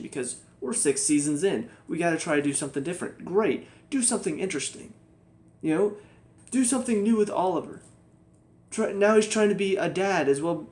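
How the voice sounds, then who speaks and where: A young man riffs through a TV episode review in a casual, ranting way. He sounds fed up and mocks the characters as he goes, and his voice sits slightly higher than most men's. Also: darkish tone. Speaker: TV show reviewer.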